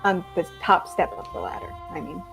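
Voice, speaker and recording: A young woman narrating as game master of a tabletop game, halting with ums and breaking into laughs. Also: on the low side, sing-song, creaky, a bit bright, soft background music.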